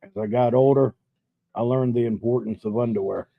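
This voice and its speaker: Middle-aged man, live stream host, rambling casual storytelling, salty language, mid-pitched voice, dull lo-fi sound, dry close audio. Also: fairly even intonation, brisk, creaky, no echo. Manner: laid-back, profane, rambling storyteller. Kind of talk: casual storytelling chat over drinks.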